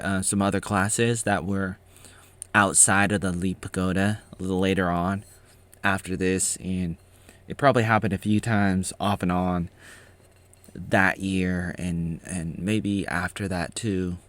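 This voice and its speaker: A man's voice: low voice, dry recording. A man giving casual, rambling reaction commentary on his own old footage, often restarting his sentences.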